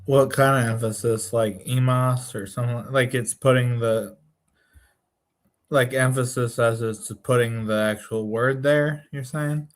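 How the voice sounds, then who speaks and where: A man's voice: medium pitch, steady tone, unhurried. A man in a casual Bible study group, asking questions and thinking aloud with frequent restarts.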